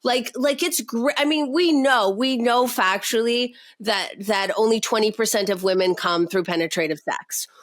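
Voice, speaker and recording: A woman's voice: on the high side, moderate pace, hardly any pauses. A woman sex therapist, a guest on a podcast, talking frankly and emphatically and swearing freely in casual conversation.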